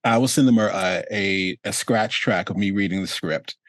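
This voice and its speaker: A man's voice: low voice, moderate pace, dry recording. A male host chatting casually on a video call, rambling and restarting his sentences and laughing often. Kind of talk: casual chat.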